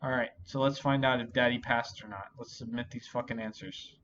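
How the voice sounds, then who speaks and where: A man's voice: medium pitch, fairly even intonation, brisk, fairly bright tone, slight background noise. A drunk man hosting a solo vlog, rambling and swearing constantly, frustrated and self-pitying. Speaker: channel host. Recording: dull lo-fi recording.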